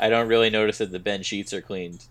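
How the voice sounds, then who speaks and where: A man's voice: fairly low pitch, steady tone, quick pace, a bit bright. A man co-hosting a podcast in casual chat, making dry jokes and puns. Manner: dry, joking, punning. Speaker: podcast co-host.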